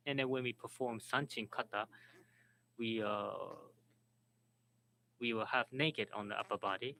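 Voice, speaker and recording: A man moderating and interpreting at a symposium, speaking haltingly and restarting words. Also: medium pitch, steady tone, pushed and bright, slight background noise, rough recording. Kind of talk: symposium panel talk.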